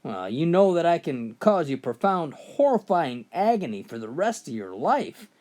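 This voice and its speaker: A man voicing a menacing male devil in a spoken joke, with drawn-out, exaggerated delivery. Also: fairly high pitch, very animated, a little mellow.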